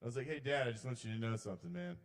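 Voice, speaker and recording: A man's voice: rapid-fire, creaky. A man doing a rambling, swearing stand-up set at an open mic in a small bar. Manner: rambling, swearing, shouts the intrusive voices loud and high. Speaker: comedian.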